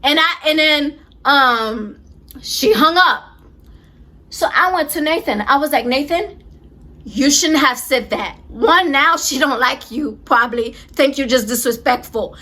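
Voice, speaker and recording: Animated, bright-voiced young woman. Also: high-pitched. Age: 20s. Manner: animated, emphatic retelling with many repeats. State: close to tears. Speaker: vlogger. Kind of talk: storytime vlog.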